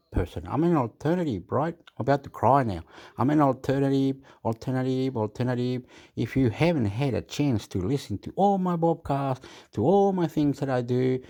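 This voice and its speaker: A man's voice: mid-range voice, darkish tone. A man rambling in a casual vlog monologue, repeating himself and jumping between thoughts. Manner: repetitive, rambling, erratic. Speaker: YouTube vlogger. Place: Australia.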